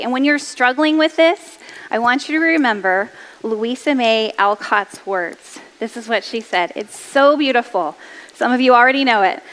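A woman's voice: a little high, normal speed, a bit bright, big-room sound. A woman around forty giving an upbeat motivational talk to mothers, chatty and self-deprecating, laughing easily. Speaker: speaker addressing mothers.

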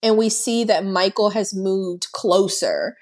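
A podcast co-host recaps a movie casually, swearing plenty and laughing as she tells it. She has a mid-range voice and speaks slowly.

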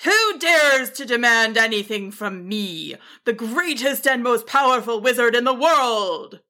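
A woman's voice: on the high side, expressive, a little slow, pushed and bright, voice pushed up. Woman doing a pompous grumbling wizard. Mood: indignant. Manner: pompous, indignant. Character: pompous grumbling male wizard, vain and proud.

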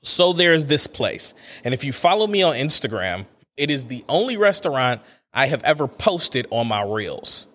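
Animated ranting male podcast host. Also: moderate pace. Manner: animated, exasperated ranting with big pitch swings. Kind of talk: casual solo podcast monologue.

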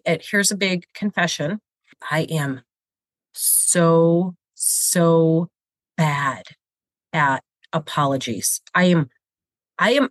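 A woman's voice: lowish voice, a bit bright, no room sound. A woman in her fifties with a cold and a congested voice, chatting candidly and self-deprecatingly as a show host, rambling with frequent restarts. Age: 50s. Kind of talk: casual confessional chat. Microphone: video camera.

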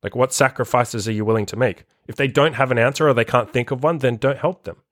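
A man's voice: medium pitch, fast, no echo, studio quality. A man who coaches people on self-improvement, talking in a blunt, profane, casual monologue full of "like" and acted-out quotes.

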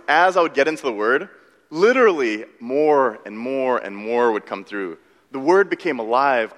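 A man preaching a sermon as pastor, telling stories in an animated, self-deprecating way. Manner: animated, self-deprecating storytelling with quick shifts in pitch. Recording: long hall reverb.

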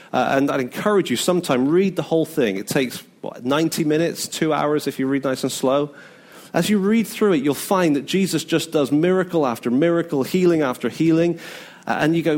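A man's voice: fairly high pitch, expressive, moderate pace, darkish tone. A man preaching a sermon in a casual, conversational way, often acting out the people he quotes. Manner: conversational, acts out quoted speech. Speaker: pastor.

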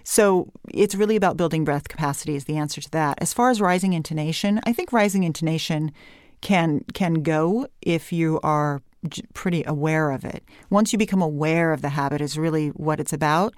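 A Californian woman speaks as a voice coach in an animated interview. Her voice sits fairly low for a woman and sounds smooth and resonant. She is recorded close on a dry microphone. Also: moderate pace, no room sound. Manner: animated explanatory talk with light vocal fry and uptalk. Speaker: voice and speech coach. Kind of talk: interview conversation.

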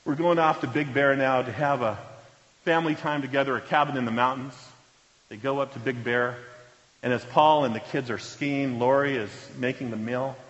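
A pastor preaches in earnest, telling stories to his congregation and letting his voice fall to a near hush at solemn moments. His words ring out with a long reverb through a large church hall. The recording is muffled and lo-fi. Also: mid-range voice, fairly even intonation, moderate pace. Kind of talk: sermon storytelling. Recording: reverberant hall, dull lo-fi sound.

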